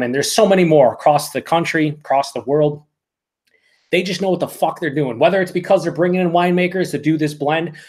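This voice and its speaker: A man doing a live beer review, talking excitably and swearing a lot as he reacts to each sip. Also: a little high. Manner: excitable, profane, emphatic.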